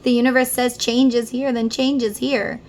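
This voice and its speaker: The speaker is a middle-aged woman doing a casual tarot reading, her voice on the high side with little pitch movement and a normal speed. She talks earnestly and from the heart, directly to the listener.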